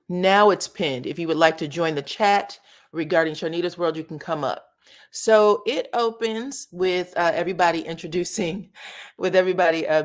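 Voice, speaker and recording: A woman hosting a casual live stream, chatting with viewers and thanking subscribers as she reviews a new show. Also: sits low. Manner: chatty, addresses viewers as y'all and child. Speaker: livestream host of reality show commentary.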